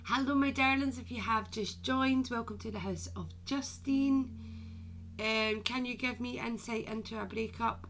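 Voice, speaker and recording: Bright-voiced woman chatting on a live stream. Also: fairly high pitch, a little hiss or hum. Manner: chatty, affectionate, calls viewers "my darling". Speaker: medium hosting a live stream. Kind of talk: casual live-stream chat with viewers.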